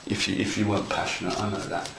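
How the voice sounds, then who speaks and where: A man's voice: low voice, level tone, quick pace, creaky, fairly bright tone. A man giving a casual hands-on model railroad tutorial, chatty, playful and enthusiastic as he talks viewers through his work. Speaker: model railroad hobby instructor. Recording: echoey room with faint noise.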